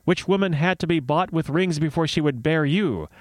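A man's voice: a little high, moderate pace, no room sound, voice pushed up, close to an everyday voice. A man voicing a blunt, boastful male dwarf suitor in a read-aloud myth, speaking testily and impatiently. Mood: scornful. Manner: testy and impatient.

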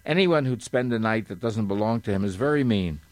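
A man's voice: on the low side, animated, a little fast, darkish tone, dry recording, close to an everyday voice. A man reading as a cackling, haughty dirty bird. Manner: cackling, haughty word-twister. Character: grimy, malicious male bird who twists words.

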